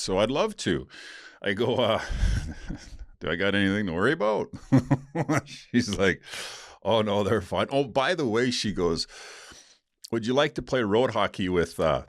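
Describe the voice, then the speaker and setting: A middle-aged man with a lowish voice, hosting a podcast and telling stories in a casual, meandering way. He stumbles, restarts and drops the odd swear word. The sound is dry and close, with no room around it. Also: no room sound. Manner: rambling, frequent restarts and fillers, blunt swearing. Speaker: podcast host. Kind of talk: casual storytelling.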